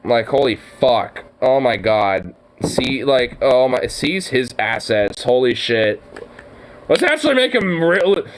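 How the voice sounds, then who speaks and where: A man's voice: medium pitch, very animated, takes it slowly, slight background noise, rough recording. A man reacting to a video in casual, profane commentary, ranting in exasperation. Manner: exasperated, ranting, swears a lot.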